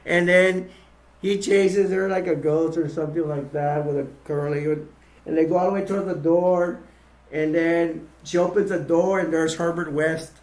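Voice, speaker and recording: Guy rambling through a movie recap, repeats himself a lot, slightly high voice. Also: steady tone, moderate pace, darkish tone. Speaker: movie reviewer. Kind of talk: casual film recap.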